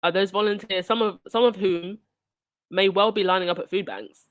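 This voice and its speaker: A woman hosts her own channel, reading news items aloud in a plain mid-range voice. She keeps breaking off into sarcastic, indignant commentary. Her delivery moves between steady reading and pointed rhetorical questions. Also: mid-range voice, moderate pace.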